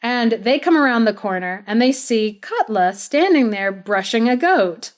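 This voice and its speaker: A woman's voice: a little high, a little slow. Chatty woman retelling a legend. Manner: animated, chatty, laughs often, many "like"s. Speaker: podcast co-host. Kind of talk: casual storytelling.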